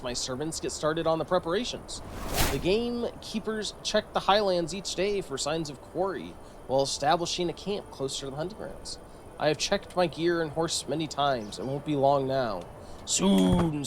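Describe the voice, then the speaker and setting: A man's voice: on the high side, brisk, slight background noise, poor audio. Joking male game streamer. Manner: joking, sarcastic. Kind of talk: casual game commentary, reading event text aloud.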